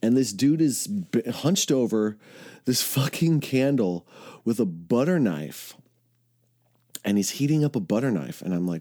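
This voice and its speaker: A man's voice: animated, unhurried, dry recording, clean studio sound. A man telling a rambling, profane personal story in casual speech, swearing often and correcting himself mid-sentence. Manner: acts out quoted voices, jumping loud and high for his own retorts.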